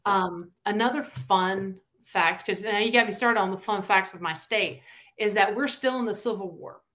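A woman's voice: mid-range voice, moderate pace. A woman from Tennessee with a Southern accent, chatting as a podcast guest and acting out the quotes she tells. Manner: animated storyteller, acts out quotes. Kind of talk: casual interview chat.

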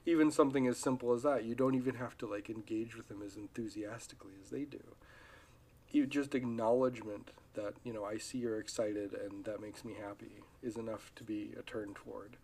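A man's voice: fairly low pitch, a little fast, slightly rough. A man hosting his own podcast, talking casually in a loose, rambling way with frequent restarts. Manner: rambling, relaxed, with many restarts. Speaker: podcast host. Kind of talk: casual solo podcast talk.

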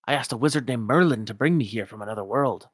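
A man's voice: mid-range voice, fast talker, dry recording, studio quality, lightly acted. A man voicing a stingy old Scottish cartoon duck millionaire, with a folksy brogue full of "ye" and "laddie". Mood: wheedling, chummy.

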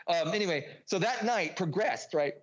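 A man's voice: high-pitched, lively intonation, normal speed. A man with a slightly raised speaking voice rambles through a personal story as a podcast guest, profane and restless, often breaking off and restarting. The audio is dull and lo-fi.

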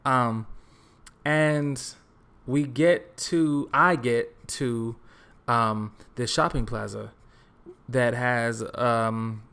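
A young man from Texas hosting a solo podcast, telling a story in a relaxed, joking, rambling way with lots of fillers. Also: medium pitch, very slow, creaky, smooth. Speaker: podcast host. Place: his apartment.

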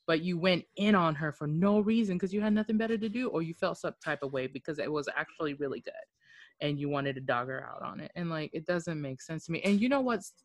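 A woman's voice: low-pitched, expressive, fast talker. A woman co-hosting a casual podcast chat, outspoken and swearing freely.

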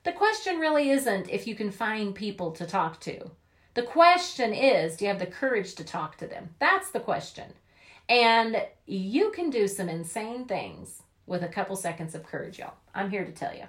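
A woman's voice: medium pitch, very animated, normal speed. A woman giving an upbeat, chatty motivational talk about network marketing, often acting out quoted voices.

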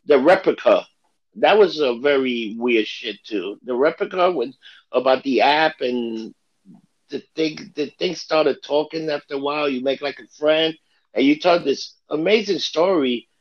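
A man's voice: on the high side, expressive, measured pace, dull audio. A man hosting a podcast, reacting in an exclamatory way and asking eager questions in casual chat. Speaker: podcast host.

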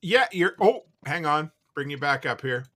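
A man hosting a live call-in podcast, chatting casually and relaxed, with the odd curse word. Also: a little high, normal speed, heavy background noise. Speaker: podcast host taking live calls.

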